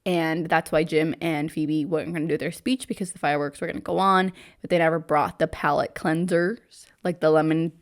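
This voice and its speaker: A woman's voice: sits low, fairly even intonation, a little fast, hardly any pauses. Chatty woman co-hosting a book podcast. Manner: chatty, lots of "like", retells plot with quoted lines. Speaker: podcast co-host. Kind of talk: casual book club chat.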